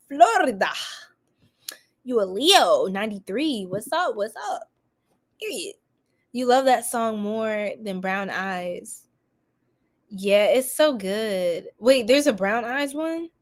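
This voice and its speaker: A woman with a New York accent and a slightly high voice, talking loosely with her livestream viewers. She is goofy and quick to laugh as she runs her tarot reading. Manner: goofy and giggly, laughs often. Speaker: tarot reader host. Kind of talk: casual livestream chat reading comments.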